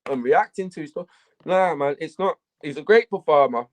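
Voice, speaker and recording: A man, a battle rapper, telling stories in a casual interview, profane and animated. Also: a little high, normal speed.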